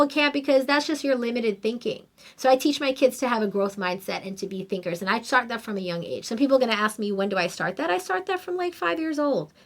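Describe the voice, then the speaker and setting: Middle-aged woman podcaster chatting, emphatic and lively, kinda high voice. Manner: animated, emphatic and conversational. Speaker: podcast host. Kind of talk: casual storytelling monologue.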